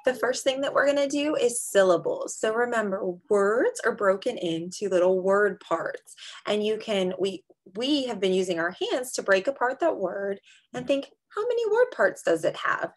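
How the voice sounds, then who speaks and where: A woman teaching a small group of young children online, speaking in a slow, exaggerated, encouraging way and clapping out syllables. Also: mid-range voice. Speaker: kindergarten teacher.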